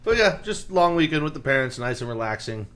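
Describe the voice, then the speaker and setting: A man in his late twenties co-hosting a podcast, talking in a blunt, emphatic way and swearing freely. His voice sits at an ordinary pitch, and his tone is casual and opinionated. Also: big pitch swings, brisk, a crowd in the background. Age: late 20s. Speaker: podcast co-host. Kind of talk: casual chat.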